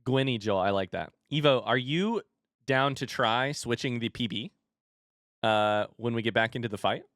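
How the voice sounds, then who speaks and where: A man's voice: medium pitch, normal speed, dry recording, studio quality. A man streaming a game live, talking to himself and his chat and yelping at near misses. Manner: excitable, yelps and shouts at near misses; talks to himself and chat while playing. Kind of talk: live gameplay commentary. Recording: clear music behind.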